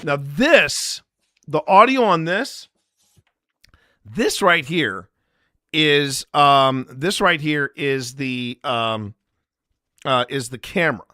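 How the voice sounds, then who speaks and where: A man's voice: fairly high pitch, lively intonation, takes it slowly, pauses often, bright, forceful tone, dry recording. Guy hosting a live stream, jokey and rambling, talks to chat, dry close sound. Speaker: paranormal investigator and live stream host.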